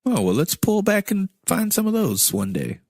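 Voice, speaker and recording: A man's voice: sits high, wildly swooping pitch, moderate pace, a little mellow, dry recording, clean studio sound. A man co-hosting a casual podcast, teasing his partner with playful jabs. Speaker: podcast co-host.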